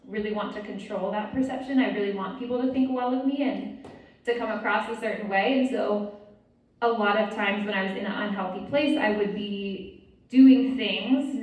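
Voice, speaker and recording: A woman giving a candid, chatty talk at a women's retreat, with many fillers and restarts. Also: mid-range voice. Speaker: retreat speaker. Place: large room with an audience. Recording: echoey room, mic far off.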